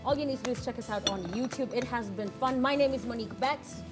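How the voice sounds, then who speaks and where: A talk show host woman gushes over her guest in a bright, high voice. She keeps the casual chat flowing at a studio table, with music humming behind her. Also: fast talker. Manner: effusive, gushing.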